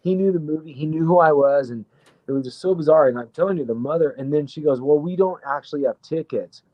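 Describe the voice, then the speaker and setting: A man guest telling a rambling story in a casual, excitable way, swearing freely. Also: a little high, fast, no room sound, muffled recording. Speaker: guest actor.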